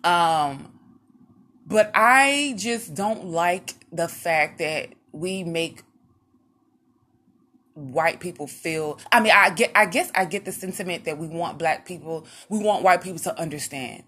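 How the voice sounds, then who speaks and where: A woman's voice: on the low side, slow. A woman vlogger telling personal stories in a casual, rambling way, losing her track, restarting, and acting out what other people said. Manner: animated, acts out what others said. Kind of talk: casual personal storytelling to camera.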